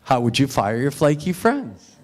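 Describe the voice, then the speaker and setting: A man's voice: mid-range voice, sing-song, a little slow. A man giving a motivational speech at a restaurant luncheon, emphatic and repeating phrases for effect. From United States. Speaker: guest speaker. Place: restaurant event room.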